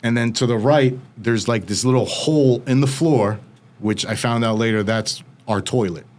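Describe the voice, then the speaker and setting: Male podcast guest, middle pitch, vivid casual storyteller, studio mic. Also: moderate pace, a little mellow. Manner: vivid storytelling with frequent "like" fillers. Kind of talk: recounting a personal story.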